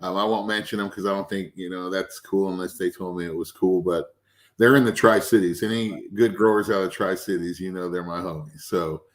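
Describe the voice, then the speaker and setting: A man who is the guest, a cannabis extract maker, telling casual stories with lively anecdotes and acting out the people he quotes. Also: low-pitched, fairly quick. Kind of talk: casual storytelling.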